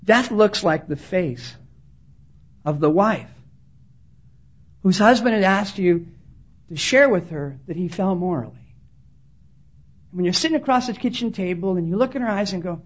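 Speaking at normal speed with long pauses, a woman preacher delivers a fervent conference-hall sermon in a husky, mid-range voice. She voices the people she quotes and calls on listeners to pay attention, and the sermon recording is dull and lo-fi.

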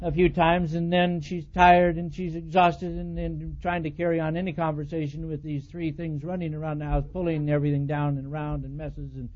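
A man preaching a sermon, telling animated stories about his marriage and acting out the dialogue. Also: fairly high pitch, fairly quick, hardly any pauses. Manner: animated storytelling, acts out quoted dialogue, chuckles at himself. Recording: dull lo-fi recording.

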